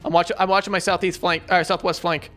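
A man hosting a multiplayer game video, chatting casually and excitably with his friends. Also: high voice, fast talker, soft background music. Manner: excitable, chatty, frequent laughs. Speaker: gaming channel host. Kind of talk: casual gameplay chat.

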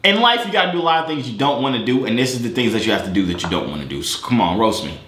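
A man's voice: big pitch swings, racing. Young guy teasing strangers on video chat, jumpy voice, roomy echo. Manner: loud, teasing, swings between high and low pitch. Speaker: YouTuber chatting with strangers on video calls. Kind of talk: casual banter.

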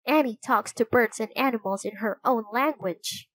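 A woman's voice: a little high, moderate pace, no echo, lightly acted. Lady doing a casual young boy, plain and matter-of-fact, dry close sound. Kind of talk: storybook reading.

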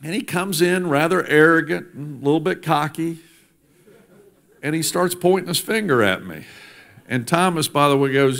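Gravelly man making an emphatic church speech. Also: a little high, normal speed, fairly bright tone. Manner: emphatic, builds through repetition. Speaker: politician addressing a church. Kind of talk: speech to a congregation. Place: church sanctuary.

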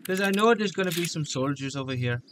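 A man's voice: fairly high pitch, expressive, fast talker, fairly bright tone, a little hiss or hum. A man giving joking let's-play commentary, full of crude banter. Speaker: gaming video host.

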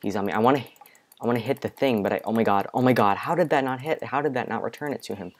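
A young man giving casual let's-play commentary from his bedroom, excitable, with panicky outbursts and repeated exclamations. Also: medium pitch, fast. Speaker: gaming video creator. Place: home bedroom.

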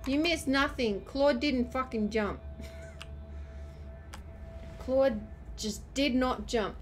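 A woman's voice: sits high, takes it slowly, soft background music. A woman streaming gameplay, ranting and swearing at the game as she plays. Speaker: gamer streamer. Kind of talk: gameplay commentary.

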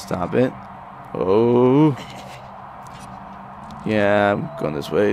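Profane, excitable young gamer man. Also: lowish voice, extremely slow, vocal fry, a little hiss or hum. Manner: profane, excitable running commentary with sudden exclamations. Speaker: let's play gamer. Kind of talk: casual gameplay commentary. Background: game music.

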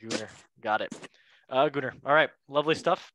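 A man hosting a casual chat, playful and joking with quick asides. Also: mid-range voice, fairly bright tone, no echo. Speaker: host.

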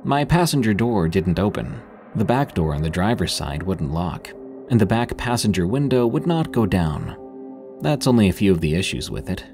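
A man's voice: low-pitched, very animated, normal speed, a little mellow. A man narrating a first-person scary story in a tense, dramatic scripted style. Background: faint background music.

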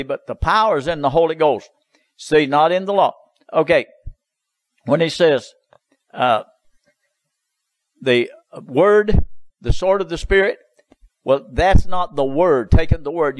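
Male preacher, somewhat high voice, insistent and repetitive delivery. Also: dry recording, rough recording. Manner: insistent, repetitive, drawling "you see" asides. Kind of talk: sermon.

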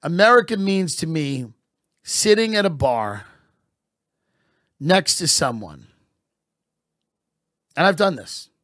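A man hosting a podcast, delivering a deadpan mock-patriotic comedy monologue. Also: fairly high pitch, slow, pauses often, dry recording, clean studio sound. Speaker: podcast host.

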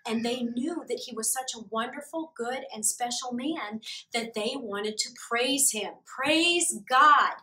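A woman teaching a church preschool lesson, asking small children slow, encouraging questions. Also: on the high side, bright, forceful tone. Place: church room. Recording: echoey room, mic far off.

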